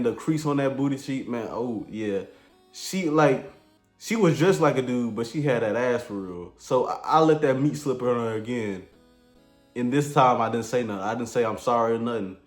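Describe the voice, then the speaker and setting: A man's voice: medium pitch, normal speed. Laid-back slangy man in an echoey room. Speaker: comedic storyteller. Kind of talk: crude comedic storytime. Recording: echoey room with faint music.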